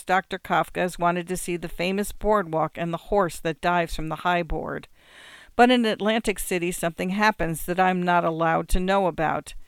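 A narrator reading a literary story in a measured, reflective way. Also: medium pitch, smooth, no echo, clean studio sound. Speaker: audiobook narrator.

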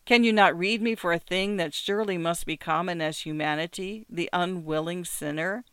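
A man's voice: sits high, normal speed, bright, forceful tone, clear, resonant tone, no echo, studio quality. A man voicing a desperate, guilt-ridden murderer who pleads with passion. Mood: anguished. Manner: anguished, pleading, impassioned.

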